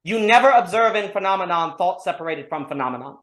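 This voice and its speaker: A woman's voice: fairly low pitch, fast, hardly any pauses. Woman rambling thru ideas on an online call, lots of rhetorical questions, echoey room. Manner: animated, thinking aloud, restarts and rhetorical questions. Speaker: discussion host. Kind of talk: casual philosophical discussion. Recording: roomy echo.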